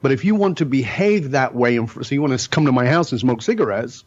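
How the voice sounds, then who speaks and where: Middle-aged man, podcast guest, emphatic storytelling, blunt, mid-pitched, dull lo-fi sound. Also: animated, fast talker. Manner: emphatic, blunt, occasionally profane.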